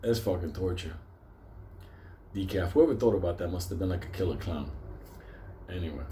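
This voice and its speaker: Swearing, rambling male vlogger, deep voice. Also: normal speed, dark tone, a little hiss or hum. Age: older. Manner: swears constantly, rambling, laughs often. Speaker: stock market video host. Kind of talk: profane casual monologue to viewers.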